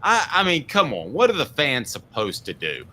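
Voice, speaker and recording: A man hosting a casual sports talk show, sarcastic and animated. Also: mid-range voice, moderate pace, slight background noise. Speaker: sports radio host.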